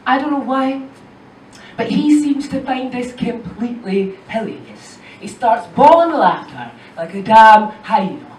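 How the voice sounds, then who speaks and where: High-voiced Scottish woman doing stand-up. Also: a little slow, slight background noise. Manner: animated, storytelling. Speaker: stand-up comedian. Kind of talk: stand-up comedy. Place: comedy club stage. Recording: echoey club from far off.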